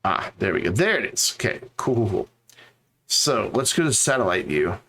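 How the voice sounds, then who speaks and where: A man's voice: lowish voice, very animated, moderate pace, fairly bright tone, a little hiss or hum. A man streaming a game, chatting casually and rambling to his viewers. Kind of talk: casual live-stream chat.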